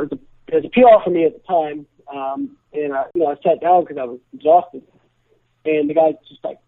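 A young man tells a story in a loose, rambling way, full of fillers. His voice sits fairly high for a man. It comes through a tinny, dry phone line. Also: no room sound. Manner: rambling, filler-heavy, laid-back. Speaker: guest. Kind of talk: casual storytelling on a call-in show.

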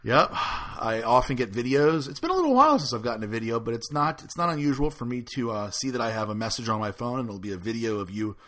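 A man's voice: medium pitch, expressive, sharp tone. A man co-hosting a podcast in casual banter, teasing his partner and laughing often. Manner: teasing, laughs often, talks in quick bursts. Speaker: co-host.

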